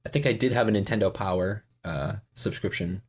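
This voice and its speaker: A man in his forties talks in a casual interview, his voice sitting very low. He rambles, stops and restarts, filling gaps with "uh" and "you know". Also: a little mellow, slight background noise. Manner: rambling, halting, many fillers and restarts. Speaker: podcast guest.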